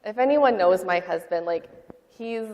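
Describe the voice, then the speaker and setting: A woman sharing a personal testimony in a church interview, talking in a halting, heartfelt way with many fillers. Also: mid-range voice, lively intonation, darkish tone, long reverb tail. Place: church sanctuary.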